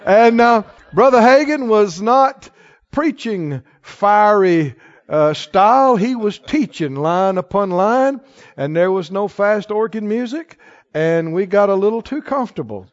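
A man preaching a sermon, telling stories with big swings from quiet asides to near-shouts. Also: high-pitched, lively intonation, a little slow, muffled recording.

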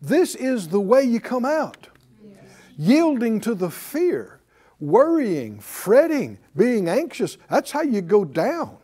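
A man's voice: very high voice, huge pitch swings, slow pace, warm tone. A man preaching a sermon as pastor, drawing responses from the congregation with rhetorical questions and repeated key phrases.

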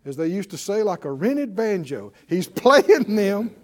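A man's voice: high-pitched, big pitch swings, unhurried. A man preaching a sermon, firing rhetorical questions at his congregation. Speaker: pastor.

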